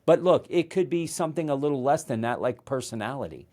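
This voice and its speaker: A man hosting a motivational solo talk at a middling pitch. His delivery is conversational and emphatic. He often restarts his sentences. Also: animated, a little fast, mellow. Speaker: host.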